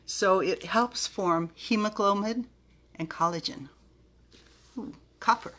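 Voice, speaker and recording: A woman's voice: medium pitch, takes it slowly, fairly bright tone. Bubbly, chatty woman vlogger. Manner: bubbly, chatty, giggly, stumbles over words. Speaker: vlogger reviewing vitamins. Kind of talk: casual talk to camera.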